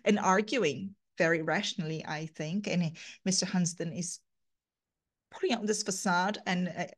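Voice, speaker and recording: A woman literature teacher reading a novel aloud in a live class and pausing for thoughtful, hesitant commentary. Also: fairly low pitch, steady tone.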